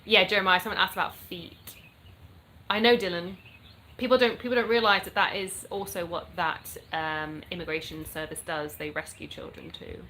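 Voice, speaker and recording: Brief: English woman, bright voice, chatty live-stream host, soft birdsong behind. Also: lowish voice, fairly even intonation, normal speed, slight background noise. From England. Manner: chatty, upbeat, greets viewers by name. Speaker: livestream host. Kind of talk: casual live-stream chat reading comments.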